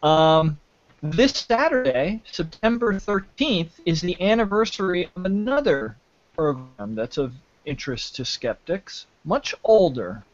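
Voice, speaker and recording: A man hosting a live online panel show from home, talking casually and haltingly with many fillers and restarts. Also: high-pitched, big pitch swings. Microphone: video call. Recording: dull lo-fi glitchy internet audio.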